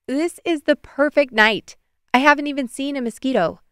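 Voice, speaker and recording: A woman's voice: high-pitched, sing-song, normal speed, vocal fry, dry recording, studio quality, pitched above the performer's own voice, heavily acted. A woman narrator voicing a chatty, gossipy adult friend at an outdoor evening event in an audiobook. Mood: contented.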